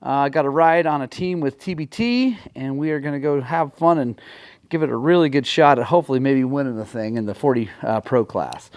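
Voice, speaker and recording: Excitable man in a garage vlog. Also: mid-range voice, a little fast. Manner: excitable, swings from frustrated to elated. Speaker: motorcycle vlogger.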